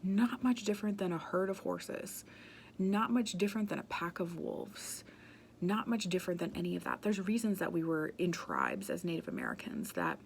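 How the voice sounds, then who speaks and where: Earnest woman with a gravelly, lowish voice. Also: very animated, normal speed, slight background noise. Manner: passionate, conversational, many "um" and "like" fillers. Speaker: speaker on emotional wellbeing. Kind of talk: earnest spoken talk.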